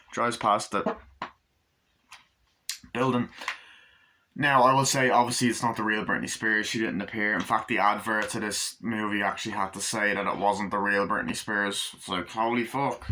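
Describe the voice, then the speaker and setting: A movie reviewer recaps a film in a rambling, profane way, swearing often and acting out scenes with sound effects and impressions. His voice is lowish with fairly even intonation, normal speed, and a sharp tone, with slight background noise.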